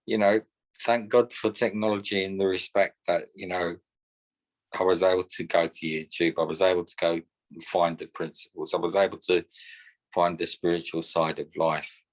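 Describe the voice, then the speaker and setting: A man's voice: low-pitched, flat delivery, normal speed, poor audio. An older man sharing his personal testimony with a support group in an earnest, reflective, storytelling way.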